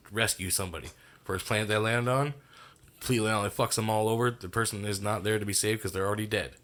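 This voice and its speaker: A man with a very low, deep voice in casual podcast chat. He rambles loosely, swears freely and laughs easily as he spins out his ideas. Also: a bit bright. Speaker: podcast co-host. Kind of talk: casual movie discussion chat.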